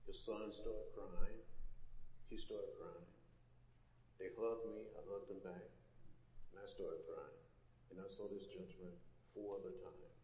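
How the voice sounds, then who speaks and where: A man in his seventies, a congressman, answering questions on stage in slow, earnest, measured stories. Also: low voice, fairly even intonation, a little hiss or hum. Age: 70s. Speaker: congressman and guest. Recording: dull, echoey hall.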